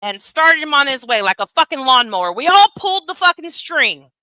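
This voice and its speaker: A woman's voice: high voice, sing-song, brisk, pushed and bright, no echo, clean studio sound. A woman giving heated, profane livestream commentary, rambling with many asides and tags like "right?". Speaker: commentary streamer.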